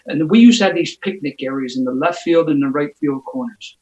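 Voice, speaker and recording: A man's voice: on the high side, a little mellow, roomy sound, muffled recording. A man sharing his recovery story at a meeting, with a lot of stops and restarts. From Philadelphia. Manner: storytelling with quick restarts and laughs. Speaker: AA speaker. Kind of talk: recovery share told as a story. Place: home via video call. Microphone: video call mic.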